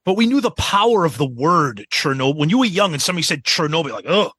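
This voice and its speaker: A man co-hosting a casual podcast, enthusiastic and quick to agree. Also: a little high, lively intonation, pushed and bright, slightly rough, no echo. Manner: enthusiastic, frequent agreeing "yep". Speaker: podcast co-host. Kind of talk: casual chat.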